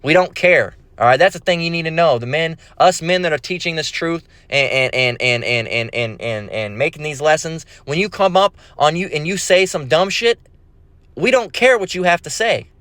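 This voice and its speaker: A man's voice: a little high, moderate pace, fairly bright tone, dry recording. Profane preaching man, dry close voice. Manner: profane, mocking, scripture-quoting, repetitive stammering. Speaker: religious video preacher.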